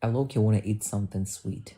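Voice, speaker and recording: A woman's voice: very deep voice, fast, warm tone, husky. A woman streamer chatting casually with her viewers, blunt, joking and swearing freely as she talks back to the chat. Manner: addresses chat directly. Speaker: livestreamer.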